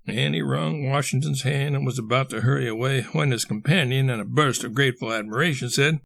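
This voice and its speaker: Male audiobook reader, mid-pitched, a touch gravelly, dry recording. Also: brisk, few pauses, fairly bright tone, no room sound. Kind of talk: scripted narration.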